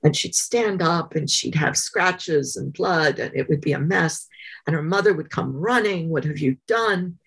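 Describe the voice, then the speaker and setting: Woman, low voice, husky tone, interview guest, thoughtful and halting. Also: a bit bright. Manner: thoughtful, many pauses and fillers. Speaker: guest author. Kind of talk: conversational interview storytelling.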